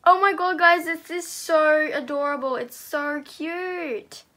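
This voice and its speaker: A teenage girl reviewing squishy toys in a casual, gushing way, sometimes dropping to a soft murmur. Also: sits high, fairly even intonation, takes it slowly. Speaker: squishy haul vlogger.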